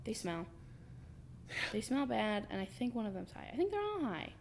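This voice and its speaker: A man voicing a fussy, gossipy woman at a concert, complaining in a hushed voice. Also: sits high, very animated, moderate pace, vocal fry, slight background noise, voice pushed up, full character voice. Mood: annoyed hush. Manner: complaining, tattling in hushed tones.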